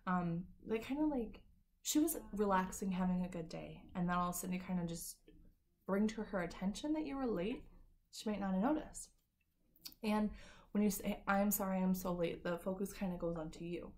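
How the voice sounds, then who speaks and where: A woman's voice: medium pitch, moderate pace, darkish tone. A woman working as a beauty industry coach, giving a casual, upbeat talk to camera with lots of "like" and "kinda". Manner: chatty and upbeat, full of "like" and "kinda".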